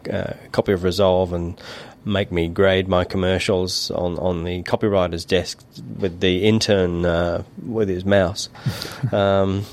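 A man's voice: deep voice, level tone, a little slow, hardly any pauses, a little mellow. A middle-aged man co-hosting a podcast, chatting casually and rambling with many restarts and fillers. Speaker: podcast co-host.

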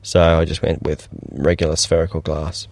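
A man's voice: very deep voice, little pitch movement, moderate pace, creaky, a little mellow, no room sound. A man co-hosting a filmmaking podcast, telling rambling anecdotes in casual chat and acting out the quotes in a livelier voice. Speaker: podcast co-host, cinematographer.

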